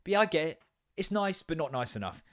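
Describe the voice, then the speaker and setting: Sweary English podcast host ranting. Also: male voice, a little high, fast. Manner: sweary, animated, laughs often. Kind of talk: casual comedic rant.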